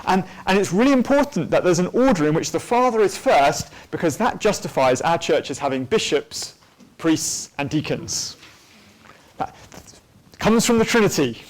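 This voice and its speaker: A man's voice: fairly high pitch, expressive, moderate pace. A man giving a church teaching talk on theology, thoughtful and unscripted, with frequent ums and restarts. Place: church hall at a weekend away.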